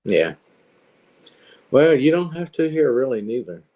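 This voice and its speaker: A man's voice: mid-range voice, big pitch swings, measured pace, dark tone, lo-fi sound. A man from Virginia with a Virginia accent, chatting casually in an easygoing way and chuckling now and then. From Virginia, United States. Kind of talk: casual chat.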